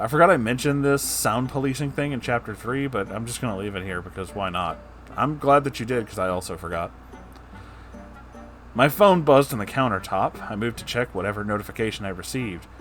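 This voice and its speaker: A man's voice: medium pitch, lively intonation, brisk, a bit bright, soft background music. A man reading a story aloud and breaking off for casual, sarcastic, profane asides. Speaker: story narrator.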